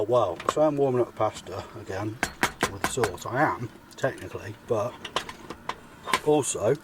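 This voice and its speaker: Noise fills the background as a man with a fairly low voice talks casually while cooking pasta. He's a vlogger camped by his car in a forest, rambling on, mocking himself and swearing a little.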